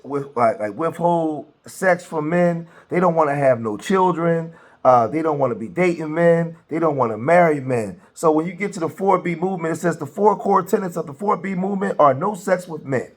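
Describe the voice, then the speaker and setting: A man hosting a casual reaction commentary. He talks in a chatty way, with many fillers and repeated words. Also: a little high. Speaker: commentary host reacting to clips.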